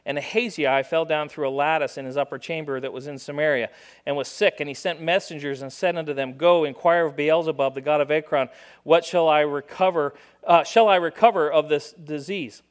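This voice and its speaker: A male guest preacher giving a sermon, retelling scripture in a lively storytelling way, acting out the characters' lines with sudden loud bursts and dropping to quiet, joking asides. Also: on the high side, brisk, clear, resonant tone. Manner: drops to quiet asides and jokes.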